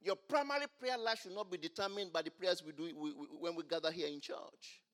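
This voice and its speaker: A man preaching a sermon, asking the congregation to finish his lines and swinging between quiet explanation and loud exclamations. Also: on the high side, brisk. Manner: call-and-response preaching, rising to loud exclamations. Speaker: pastor.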